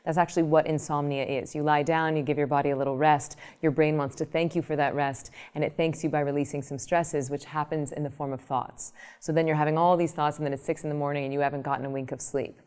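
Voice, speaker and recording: A woman meditation teacher explaining her ideas in an interview, telling lively everyday examples. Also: sits low, quick pace, hardly any pauses, clean tone. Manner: animated storytelling, explanatory. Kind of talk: interview answer with acted examples.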